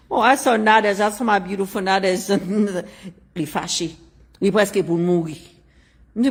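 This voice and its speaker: A woman with a Haitian accent, telling a personal story in casual chat, laughing often and swinging from loud to hushed. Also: medium pitch, a little slow, pauses often, husky. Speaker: show host.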